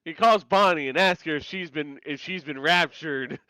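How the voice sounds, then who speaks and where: A man's voice: fairly high pitch, normal speed, sharp tone, smooth, no echo, poor audio. A man co-hosting a podcast, casually recapping a TV episode and chiming in to finish his co-host's sentences. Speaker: podcast co-host.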